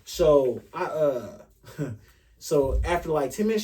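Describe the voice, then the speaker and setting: Animated man telling a story, a bit off-mic. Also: a little high, normal speed, recorded from a distance. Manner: animated, profane, acts out the dialogue. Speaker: podcast host telling a story. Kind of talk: casual storytelling chat.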